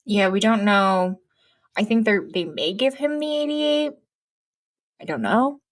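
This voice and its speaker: A woman co-hosting a podcast in casual chat, hedging her opinions and dropping deadpan quips. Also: medium pitch, unhurried, dry recording, studio quality. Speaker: podcast co-host.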